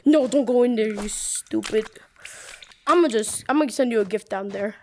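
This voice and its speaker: A woman giving casual gameplay commentary with excitable, bossy trash talk. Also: a little high, moderate pace, slight background noise. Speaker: gamer.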